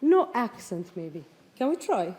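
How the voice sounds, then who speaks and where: A high-voiced woman conducts an orchestra rehearsal in a concert hall, singing out rhythms while coaching and encouraging the players. Her dark-toned voice swings widely in pitch and moves a little slowly. The hall is reverberant, the orchestra is audible behind her, and there's a little hiss or hum.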